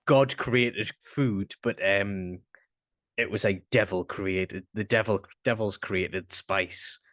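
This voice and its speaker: A laid-back Northern English man co-hosting a casual podcast, with a low voice. He often hesitates and trails off, and his voice sounds close and dry. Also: slow, a bit bright, no echo. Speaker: podcast co-host. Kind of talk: casual chat.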